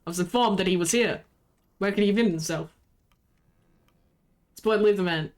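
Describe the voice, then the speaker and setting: A woman's voice: medium pitch, brisk, darkish tone. A woman streaming a narrative game, reading its dialogue aloud and commenting casually with frequent laughs. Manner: casual, laughs often, reads lines in character.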